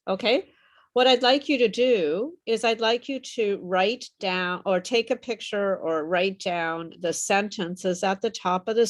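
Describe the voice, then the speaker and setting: A woman teaching an online English pronunciation class over a video call, slow and patient, her voice a little worn as she says she is losing it. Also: mid-range voice. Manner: patient, repeats and models words slowly.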